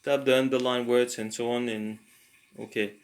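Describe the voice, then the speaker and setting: A man talking through a language lesson in a casual, halting way, pausing often to think aloud with fillers. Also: mid-range voice, flat delivery. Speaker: language learner and tutor.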